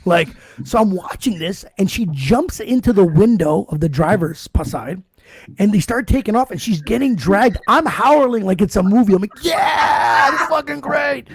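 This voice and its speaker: A podcast host in loose, profane storytelling mode, laughing through his own tales. His voice sits high and jumps around animatedly. The sound is dry and close to the mic. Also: lively intonation, normal speed, slightly rough, dry recording. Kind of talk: casual storytelling chat.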